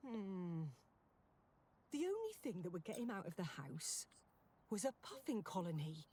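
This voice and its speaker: A woman's voice: on the low side, big pitch swings, unhurried, very noisy. A woman voicing a flustered middle-aged mother in a game, fretful and scattered as she hunts for a lost key. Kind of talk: game voice acting.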